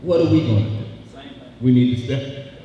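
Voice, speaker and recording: A man's voice: mid-range voice, normal speed, warm tone, dull audio. A man giving a rallying speech at a worker meeting, repeating phrases and calling on the audience to answer him. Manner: call-and-response exhortation, repeating phrases. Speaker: union meeting speaker. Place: large meeting hall. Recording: echoey hall, heard from far off.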